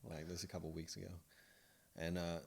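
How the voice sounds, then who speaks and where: A man's voice: low-pitched, little pitch movement, brisk, creaky, breathy edge. A middle-aged man hosting a podcast, telling loose stories in casual chat, swearing freely and laughing often. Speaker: podcast host.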